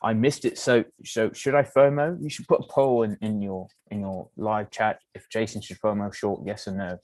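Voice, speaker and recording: A man's voice: fairly low pitch, steady tone, normal speed, a little mellow, no echo. A man co-hosting a trading stream, joking around in casual chat between market remarks. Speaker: co-host trader.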